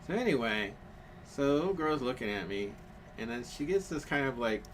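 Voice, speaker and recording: A man's voice: medium pitch, sing-song, fairly quick, a little hiss or hum. A man telling a rambling story in casual chat on a craft stream, full of fillers and restarts.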